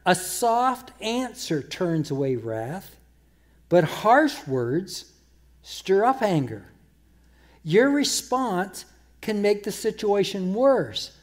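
A man preaching a sermon, emphatic, repeating words and slowing down to quote scripture. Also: high-pitched, sing-song. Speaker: pastor.

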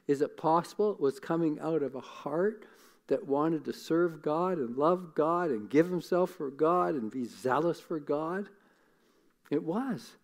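A man preaching a sermon in an earnest, conversational way, often repeating words as he thinks. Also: on the high side. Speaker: pastor.

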